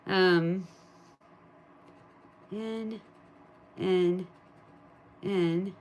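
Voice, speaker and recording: A woman chatting casually on a live stream, thinking aloud and talking to her viewers, turning loud and excited at a win and cooing to her pet. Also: on the low side, very slow, muffled recording. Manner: gets excited and loud at wins. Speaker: live streamer scratching lottery tickets.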